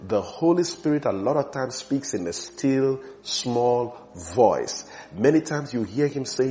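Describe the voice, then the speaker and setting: A man preaching a sermon with emphasis, repeating words for stress and swinging between soft and loud passages. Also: medium pitch, animated, measured pace, hardly any pauses.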